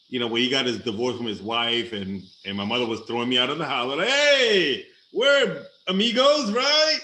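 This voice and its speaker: A man in a casual chat, emotional and quick to laugh. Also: mid-range voice, pushed and bright, slight background noise. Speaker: host. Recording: echoey room with faint ambience.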